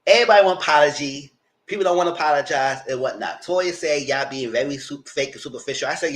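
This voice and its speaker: A man's voice: fairly high pitch, quick pace, a bit bright. Chatty man recapping with blunt asides. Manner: chatty, blunt, acts out what he told the cast. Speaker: commentary channel host. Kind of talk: casual livestream commentary.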